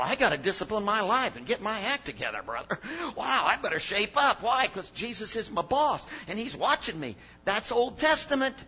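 An older preacher delivers a sermon in a high, lively voice that rises and falls. He mutters some phrases low and shouts others for emphasis, and the recording is dull and lo-fi.

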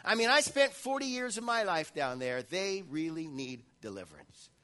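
A man preaching a sermon, speaking as a reluctant, pleading Moses in his own bright voice. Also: a little high, very animated, normal speed. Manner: hesitant, pleading.

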